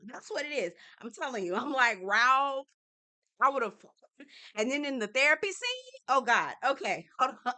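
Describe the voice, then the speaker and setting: Young woman, doing a tv recap, bright voice, laughs a lot and acts out quotes. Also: sits high. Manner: animated and expressive, laughing, acting out quotes. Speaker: TV recap host. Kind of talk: casual reality TV recap.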